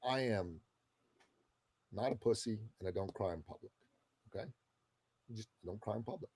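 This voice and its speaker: A man in his fifties from the Middle East, a guest telling a story in a casual, expressive way and swearing freely. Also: on the low side, normal speed, breathy edge, no room sound. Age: 50s. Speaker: guest entrepreneur. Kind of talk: animated storytelling in conversation.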